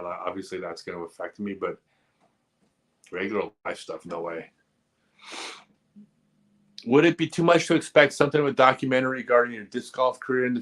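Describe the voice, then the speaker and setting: His voice sits lowish but has a fairly bright tone. He's a live-stream host responding to viewer questions with honest, heartfelt advice, keeping it casual and sometimes kidding around or teasing.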